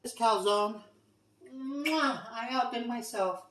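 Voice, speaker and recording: Slow-talking woman gushing over her cooking. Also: medium pitch. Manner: gushing and effusive while tasting. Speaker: cooking vlogger. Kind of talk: casual cooking vlog. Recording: roomy echo, mic at a distance.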